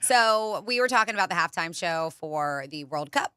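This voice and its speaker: A woman's voice: lowish voice, animated, normal speed, pushed and bright, smooth, dry recording, studio quality. A woman co-hosting a radio show, chatting through entertainment news and teasing her co-host. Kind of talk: casual radio banter. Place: radio studio. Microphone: studio microphone.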